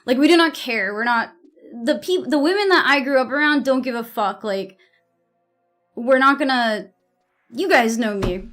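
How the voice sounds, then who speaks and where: A young woman streamer with a high voice talks to her chat in a loose, rambling way. She is blunt and swears freely, often cutting herself off to restart a thought. She grew up on the US East Coast. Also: unhurried, pauses often, fairly bright tone, faint music behind. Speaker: livestreamer. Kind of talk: casual chat to stream viewers.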